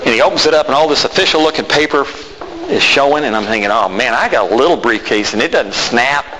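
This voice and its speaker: A man delivers a sermon built around a personal testimony, voicing himself and the other people in the story. His pitch rises and falls in wide, animated swings. He is heard in a hall with a long reverb and a faint noise floor. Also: fast. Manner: animated storytelling, acting out both sides of conversations. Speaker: pastor.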